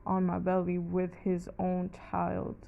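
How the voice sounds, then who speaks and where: A young woman tells a personal story casually in a lowish, creaky voice, completely flat and slow. She rambles, fills gaps with "like" and swears heavily, and the audio sounds narrow and tinny.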